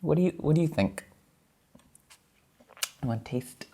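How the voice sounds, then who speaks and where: A man's voice: a little high, lively intonation, moderate pace, vocal fry, mellow, husky. A man hosting a home cocktail show, chatting playfully as he mixes and tastes drinks and laughing often. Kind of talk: casual cocktail demo.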